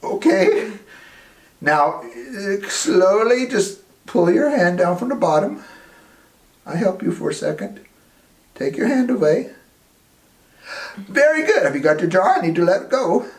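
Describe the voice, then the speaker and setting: A man hosting a playful children's science demonstration, teasing his assistant with big swings of pitch. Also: lively intonation, moderate pace. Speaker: children's science show host. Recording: echoey room.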